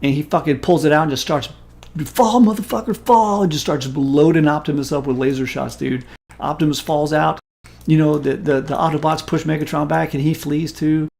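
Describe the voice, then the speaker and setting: A man in his forties, a stream host, telling a story in casual chat in an animated, profane and emphatic way. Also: fairly high pitch, brisk, gravelly.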